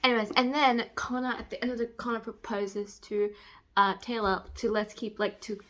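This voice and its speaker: A young woman chatting casually in a reading vlog, gushing and excitable, breaking into squeals as she retells a romance novel. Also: a little high, normal speed. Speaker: book vlogger. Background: construction voices.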